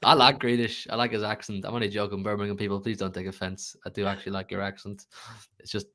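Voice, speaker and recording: An Irish man co-hosts a football fan show with easy, teasing banter. His tone is bright and forward. He breaks off now and then to thank viewers by name. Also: on the low side, little pitch movement, fast. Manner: jokey, teasing, reads out viewer messages.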